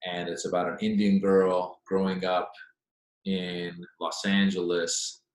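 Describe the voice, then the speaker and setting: A man, a stand-up comedian, answering interview questions in an animated, chatty storytelling way. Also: low voice, measured pace. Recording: echoey room.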